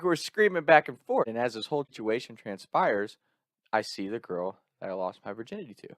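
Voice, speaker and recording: A young man casually telling a personal story in an animated way, laughing often and swearing freely. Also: medium pitch, brisk, no room sound, studio quality.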